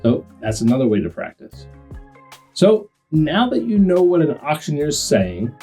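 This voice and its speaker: Auctioneer guy slowing down his chant to explain it, husky low-key voice. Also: big pitch swings, warm tone, soft background music. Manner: slows down, then bursts into rapid chants. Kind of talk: explaining and demonstrating.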